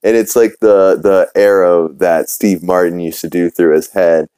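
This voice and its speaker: A young man from New Orleans hosts a podcast and rambles through a recap of a cartoon episode, full of fillers and quotes he acts out. His voice is low and mellow with a smooth, clear tone. It is recorded dry and close, with no room sound. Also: fairly even intonation, measured pace, dry recording, low-quality recording. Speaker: podcast host.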